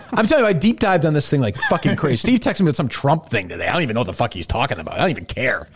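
A man's voice: mid-range voice, very animated, very fast, husky. A man hosting a casual comedy podcast, profane and laughing often, slipping into mocking voices. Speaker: podcast host.

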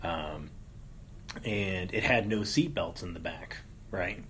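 Male host in his thirties, low voice, loose banter with a lot of swearing. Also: takes it slowly, a bit bright, slight background noise. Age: 30s. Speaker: podcast host. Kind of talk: casual podcast chat.

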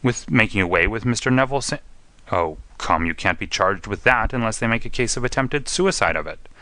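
A gruff, jovial veteran inspector, played by a man reading the story, hearty and blunt in every line. His voice sits low with a bright, forceful edge. The recording is dry and close. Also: animated, brisk, dry recording.

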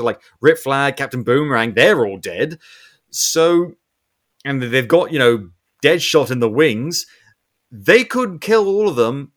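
A young man casually recapping a movie with a co-host, animated and swearing, acting out characters' lines. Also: mid-range voice. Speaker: podcast co-host.

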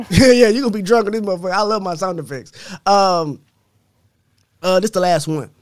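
A man's voice: sits high, normal speed. A man hosting a podcast, reading listener comments aloud in a blunt, profane, laughing casual chat. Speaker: podcast host.

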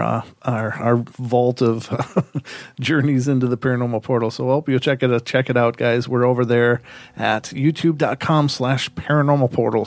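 A man's voice: mid-range voice, fairly even intonation, moderate pace, dry recording. Man, podcast host, casual storytelling, musing, dry room. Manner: musing, rhetorical questions, many restarts.

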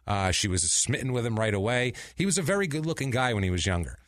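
A man's voice: mid-range voice, expressive, fast talker, a bit bright. A man hosting a podcast, telling a crime story casually with many restarts and asides. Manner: rambling, frequent restarts and asides. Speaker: podcast host.

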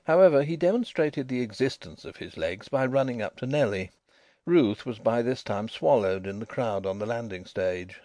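A man giving an expressive, scripted narration of a novel as an audiobook reader. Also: medium pitch, normal speed, no echo.

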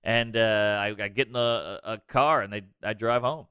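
A man's voice: fairly low pitch, normal speed, clean tone, no echo, highs cut off. A man, a comedian guest, telling a story in casual, profane podcast talk. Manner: animated, profane.

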